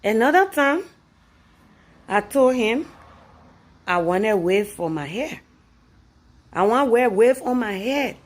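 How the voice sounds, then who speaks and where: A woman's voice: slow, long pauses. A woman from Liberia with a Liberian English accent, telling a comic story about her boyfriend and arguing her side with rising force. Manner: animated, rising loud and high when arguing her point. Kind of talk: comic anecdote told to camera.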